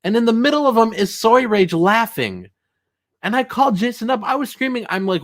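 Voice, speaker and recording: A young man hosting a casual livestream, reading chat messages aloud, laughing often and getting loud and worked up when he tells a story. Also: high-pitched, brisk. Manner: chatty, excitable, laughs often, rising to shouts when riled. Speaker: streamer host reading chat.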